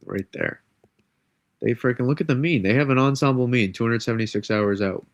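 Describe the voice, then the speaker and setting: Stuffy male weather streamer with a cold, rambling, self-correcting, gravelly, dry close mic. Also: mid-range voice, brisk, no echo, lo-fi sound. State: congested from a cold. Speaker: weather forecaster. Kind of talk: live-stream weather model breakdown.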